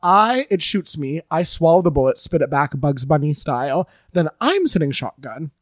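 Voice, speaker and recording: A woman guest on a comedy podcast, telling an absurd improvised story with playful, theatrical deadpan. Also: sits low, moderate pace, no echo.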